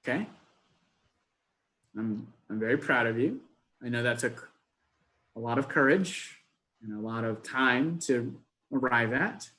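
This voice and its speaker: A man's voice: medium pitch, a little slow, long pauses, pushed and bright. Man improviser, mid-range voice, dry understated delivery, video call. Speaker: improv performer. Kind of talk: online improv scene work and chat.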